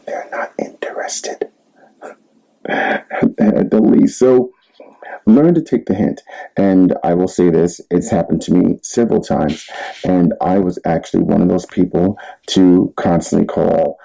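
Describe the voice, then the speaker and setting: A man's voice: sits low, a little slow, vocal fry, warm tone, poor audio. A man giving relationship advice in a candid, rambling monologue, laughing at himself now and then. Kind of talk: casual monologue.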